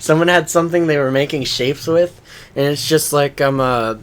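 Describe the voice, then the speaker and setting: A man's voice: a little high, normal speed, slight background noise. A young man co-hosting a podcast, bantering crudely, swearing freely and laughing often between filler words. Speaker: podcast co-host.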